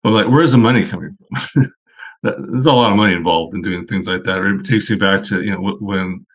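A man's voice: low voice, fairly quick. A man, a guest on a podcast, chatting casually and telling long, rambling anecdotes.

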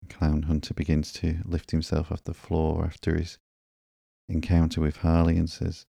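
Calm male narrator for bedtime comic readings, extremely flat and slow, mellow and dark. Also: low voice, gravelly, dry recording, studio quality. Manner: calm, monotone, drawn-out. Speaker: podcast host and comic reader.

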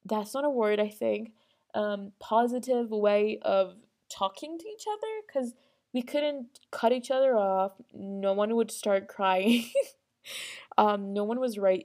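A woman's voice: medium pitch, unhurried, a little mellow. A young woman talking casually and earnestly to her audience, rambling with restarts and small laughs. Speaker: vlogger. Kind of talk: casual personal monologue.

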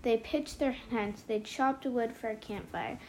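A woman reads a children's book aloud for her podcast and chats about it afterward, gushing and often repeating herself. Her voice sits a bit high and has a soft, mellow tone. There is faint background noise. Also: a little slow, rough recording. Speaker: podcast storybook reader.

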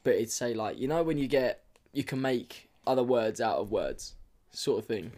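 Excitable young man, podcast co-host. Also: medium pitch, normal speed. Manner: excitable, gets worked up, slangy. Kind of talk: casual chat.

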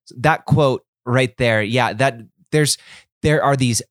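A man's voice: mid-range voice, slow, dry recording. Earnest man with a dry, close sound. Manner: rambling, frequent restarts, earnest and encouraging. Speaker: podcast host. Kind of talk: casual solo podcast talk.

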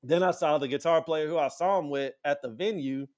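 A man with a slightly high voice tells a story in loose, profane podcast chat. He acts out other people's lines, jumping up into a much higher voice for the quotes. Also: a little fast. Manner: animated, acts out quotes with sudden high-pitched voices, swears freely.

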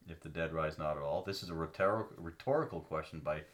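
A man's voice: a bass voice, fairly quick. A man co-hosting a casual faith podcast, reading scripture aloud and explaining it earnestly, stopping with ums to find his place. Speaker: podcast co-host.

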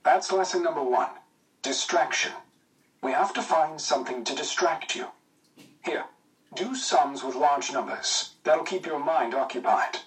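A man voicing a cheerful young wartime pilot, brisk and teasing in his dry wit. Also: on the high side, recorded from a distance, lightly acted, poor audio. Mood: coaxing. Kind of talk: audiobook character voice.

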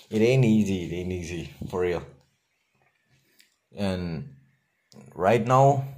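A young man with a Nagaland accent, a native Nagamese speaker, hosting a solo podcast in a blunt, profane, defiant way with long pauses. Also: low-pitched, dark tone. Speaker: podcast host.

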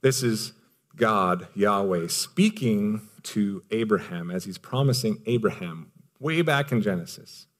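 A man's voice: fairly low pitch, lively intonation, a little slow. A male pastor preaching a sermon in an emphatic, conversational way. He often repeats and restarts phrases as he drives a point home.

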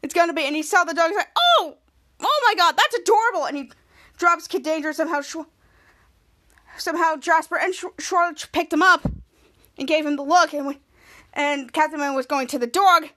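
High-voiced excitable woman podcast host. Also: fairly quick, long pauses. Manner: excitable, repetitive, frequent self-corrections. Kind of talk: casual episode recap.

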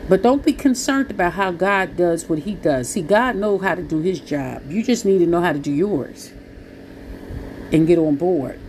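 A woman's voice: on the low side, lively intonation, moderate pace, darkish tone, slight background noise. A woman with speech, preaching to listeners in an earnest, pleading, blunt way. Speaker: Christian preacher.

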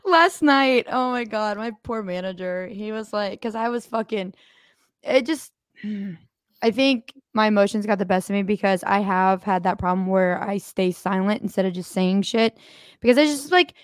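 A young woman co-hosting a podcast, animated and swearing often as she acts out quotes. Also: medium pitch, normal speed, clean tone, dry recording, studio quality. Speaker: podcast co-host. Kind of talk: casual podcast chat.

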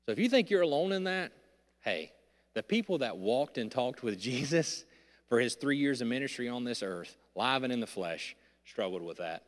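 A man's voice: medium pitch, sing-song, normal speed. Candid man preaching in an echoing church. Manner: candid, self-deprecating, swings from shouting to hushed. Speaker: pastor. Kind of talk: sermon. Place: large church hall. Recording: reverberant church sanctuary.

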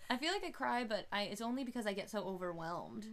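A woman's voice: mid-range voice, expressive, fast, crowd noise. A young woman hosting a podcast, talking casually and hesitantly with frequent restarts. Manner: hesitant, self-questioning, with restarts. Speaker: podcast host.

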